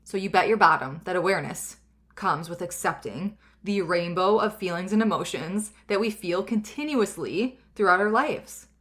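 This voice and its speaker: A woman's voice: lowish voice, moderate pace. Chatty woman hosting a self-help podcast. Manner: chatty and rambling, many fillers; earnest and gentle. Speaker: podcast host.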